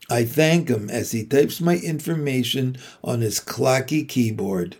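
A man reading a children's novel aloud in a steady, unhurried way. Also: medium pitch, slightly rough. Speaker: reader.

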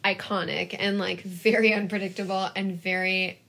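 This young podcast co-host has a gravelly, mid-range voice and a moderate pace. Chatting casually, she retells a movie in an animated, meandering way, leaning heavily on "like" and other fillers.

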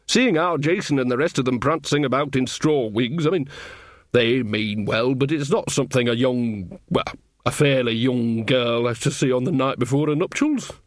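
A man's voice: mid-range voice, normal speed, no echo, clean studio sound, close to an everyday voice. A man voicing a cheerful, earthy old witch woman who coaxes and gossips in a broad, chatty way. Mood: coaxing.

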